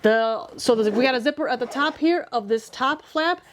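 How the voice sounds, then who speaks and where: A woman's voice: high voice, normal speed, slight background noise. A woman walking through a detailed product comparison in a methodical, self-correcting way. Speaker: gear reviewer. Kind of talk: product review walkthrough.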